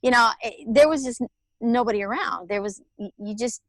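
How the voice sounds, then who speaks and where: A woman, telling her personal story as an interview guest in a candid, animated way. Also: on the high side, brisk, dry recording. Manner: candid, animated storytelling with laughs and acted-out quotes. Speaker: guest, author and alternative healer.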